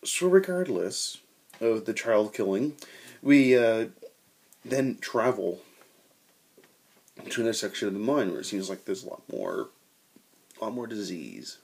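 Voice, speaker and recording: A young man telling a tabletop game story in a casual, animated way, swearing and acting out quotes. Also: on the low side, measured pace, gravelly, long pauses, breathy edge.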